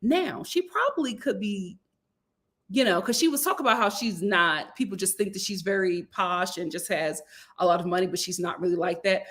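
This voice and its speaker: A woman hosting her own channel, reviewing reality TV in a casual, slangy, expressive chat that jumps high for emphasis. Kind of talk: casual vlog commentary.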